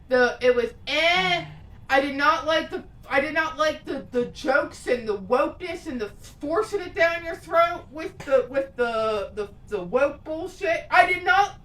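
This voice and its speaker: A woman's voice: high-pitched, animated, a little slow, fairly bright tone, recorded from a distance. A woman co-hosting a podcast, giving a blunt, profane movie review in casual chat. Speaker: podcast co-host. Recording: echoey room, off-mic.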